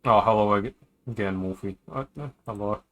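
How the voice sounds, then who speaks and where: Here a man with a fairly low, slightly bright voice reads game dialogue aloud on stream at normal speed, and the recording sounds lo-fi. He's relaxed about it, cracking jokes between the visual novel's lines.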